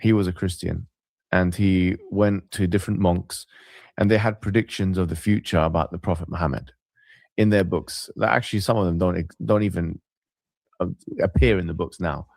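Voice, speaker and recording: A man's voice: low voice, fairly even intonation, moderate pace, creaky, darkish tone, no echo, clean studio sound. A man arguing insistently in a debate call, repeating himself to press his point. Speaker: debate show host.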